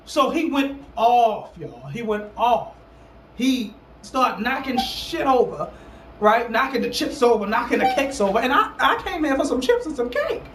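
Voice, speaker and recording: A man tells a story in a casual talk session with animated emphasis, acting out what other people said and repeating lines for punch. He sits back from the mic in a roomy, echoing space. A light hiss sits under his voice. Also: very high-pitched, normal speed, far from the mic. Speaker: host.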